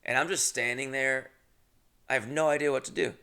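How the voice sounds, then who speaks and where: A young man tells a rambling comic story as a podcast host, cursing freely and laughing at his own blunders. His voice is bright and forward, with a gravelly fry running through it. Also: medium pitch, steady tone, fairly quick. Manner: rambling, swears a lot, laughs at himself. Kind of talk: casual comedic storytelling.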